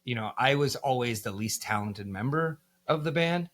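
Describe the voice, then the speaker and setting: A man's voice: mid-range voice, expressive, normal speed, fairly bright tone. Candid American man telling band stories. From United States. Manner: candid and profane, with many fillers. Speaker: band musician, guest. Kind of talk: casual podcast storytelling.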